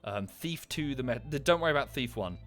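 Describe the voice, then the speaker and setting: British guy rambling on stream, swears a lot, mid-pitched voice, faint music under him. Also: animated, fairly quick, fairly bright tone. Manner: rambling, enthusiastic, swears casually. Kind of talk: casual livestream chat.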